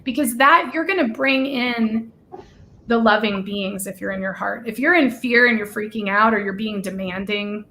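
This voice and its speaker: A woman's voice: on the high side, steady tone, bright, forceful tone, a little hiss or hum. Bubbly, gushing woman host. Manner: bubbly, gushing, talks in quick tangents. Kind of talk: casual live-stream chat.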